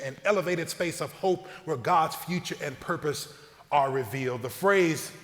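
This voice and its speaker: A slightly high-pitched clergyman from the American South reads a prepared talk in a church, measured and earnest, leaning hard into key phrases. His voice rings out with a long hall reverb behind it. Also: a bit bright.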